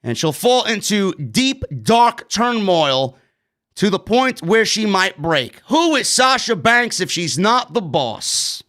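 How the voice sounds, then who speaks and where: Sarcastic high-voiced New York man ranting. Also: very animated, unhurried, hardly any pauses, pushed and bright. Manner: blunt, sarcastic, swears, rants. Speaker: wrestling show reviewer. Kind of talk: casual recap commentary.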